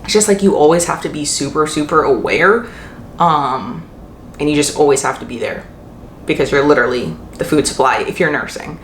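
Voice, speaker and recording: Chatty young mom in an echoey room. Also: female voice, low-pitched, a little fast. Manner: chatty, frequent fillers and self-corrections. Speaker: mom vlogger. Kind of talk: casual Q&A vlog. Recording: echoey room with faint hiss.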